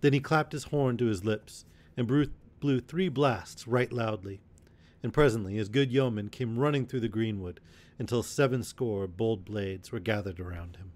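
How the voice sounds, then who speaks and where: A man reading a classic adventure tale aloud as a bedtime story, in a measured, expressive way. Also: lowish voice.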